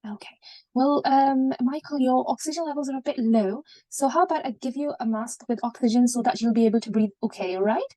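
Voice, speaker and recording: Brief: woman in a role-play as a polite doctor, slightly high, mellow voice. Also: a little fast. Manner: polite, reassuring, many fillers. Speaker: student doing a mock consultation. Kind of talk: role-play clinical consultation.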